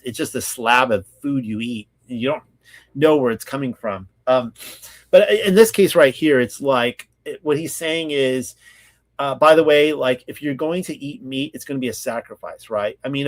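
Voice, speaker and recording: A man in the middle of his range hosts a scripture study, reading the text out deliberately and then breaking into relaxed, rambling commentary. He grew up in California and talks with plenty of fillers and self-corrections. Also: mid-range voice. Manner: reads slowly, then chats loosely with many fillers. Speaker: Bible study host.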